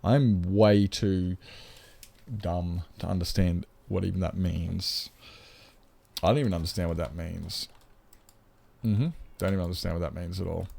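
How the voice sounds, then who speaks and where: A man's voice: low voice, steady tone, unhurried, gravelly, long pauses, dark tone. A man with an Australian accent chatting casually on a game live stream, rambling and joking and swearing freely.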